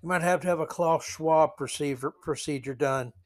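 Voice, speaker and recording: A man's voice: fairly high pitch, moderate pace, a little mellow. A man hosting a solo commentary podcast, reading news quotes and adding sarcastic, rambling asides. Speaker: podcast host.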